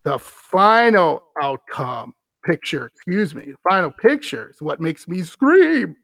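A man's voice: a little high, very animated, unhurried, creaky, fairly bright tone, no room sound. A man hosting a podcast, reading a scary story aloud and breaking off for wry, amused asides. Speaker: podcast host.

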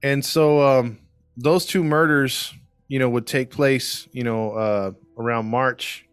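A man narrating a true-crime case in relaxed podcast chat, full of fillers and restarts. The sound is dry and close with faint music underneath. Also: mid-range voice, takes it slowly, clean tone, no room sound. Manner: storytelling with many fillers and restarts. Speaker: podcast co-host.

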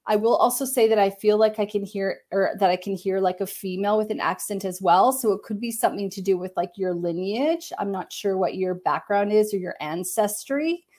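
Soft-spoken woman giving a live psychic reading. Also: medium pitch, brisk, few pauses. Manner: gentle, meandering, many fillers and hedges.

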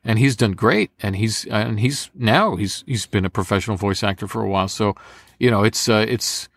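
A man's voice: lowish voice, moderate pace, gravelly, no room sound, clean studio sound. A young American man, a voice actor, telling stories in a casual interview and slipping into impressions. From United States. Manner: animated storyteller, slips into impressions. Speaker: voice actor guest.

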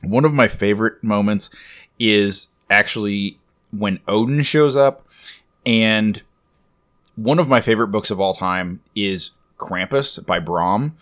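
A man co-hosting a comics podcast, talking in a measured, thoughtful way with pauses. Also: fairly low pitch, a bit bright. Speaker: podcast co-host. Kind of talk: casual chat about comics.

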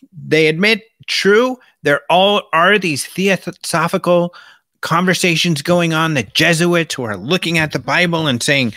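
Bright-voiced male show host. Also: a little high, moderate pace, no room sound. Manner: chatty, gestures with his hands while talking. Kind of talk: casual monologue reading out quotes.

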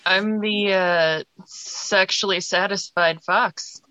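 A man's voice: high-pitched, steady tone, slow pace, sharp tone, no room sound, lo-fi sound. A man co-hosting a podcast, sleepy after just waking from a nap. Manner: sleepy, cheeky. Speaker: podcast co-host. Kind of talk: casual podcast banter.

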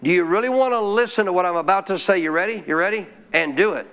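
A man's voice: high voice, quick pace, fairly bright tone, clear, resonant tone. A man preaching a sermon as pastor, who keeps calling out questions to the congregation. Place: church.

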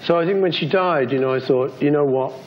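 A British man in his fifties, giving a reflective interview in a soft, halting, heartfelt way. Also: fairly high pitch, slight background noise. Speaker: interview guest. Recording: slightly dull archival interview audio.

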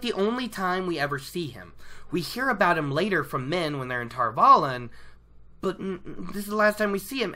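A person chatting casually about a book chapter, rambling off on tangents and slipping into quick quoted voices. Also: mid-range voice, bright, forceful tone. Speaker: book reviewer.

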